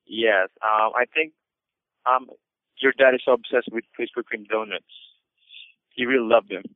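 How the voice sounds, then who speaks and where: A man's voice: mid-range voice, fairly even intonation, moderate pace, dry recording. A man working as a customer service agent, polite and formal, apologizing and saying sir often, heard over a phone line.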